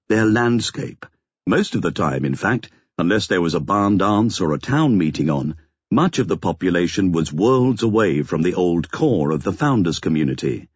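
A man narrating an audiobook in a steady, expressive reading, on a slightly dull lo-fi recording. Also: low-pitched, slightly rough, dry recording. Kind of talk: scripted narration.

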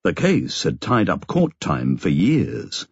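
A man reads an audiobook chapter in a measured, expressive manner. His voice is low and husky, moving widely in pitch. The recording is dry and a bit dull. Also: no echo. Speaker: audiobook narrator. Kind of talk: scripted narration.

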